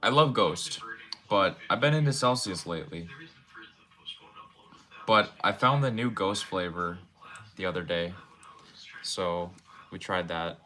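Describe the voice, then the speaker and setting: Streaming from a home room lined with game shelves, a young man rambles in a laid-back way to his chat. His voice sits low and is unhurried, with long pauses and a sharp tone.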